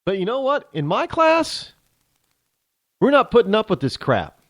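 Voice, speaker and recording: A man's voice: high-pitched, wildly swooping pitch, unhurried, a bit bright, dry recording, studio quality. A male talk show host delivering a sarcastic, ranting opinion monologue, switching into mock voices.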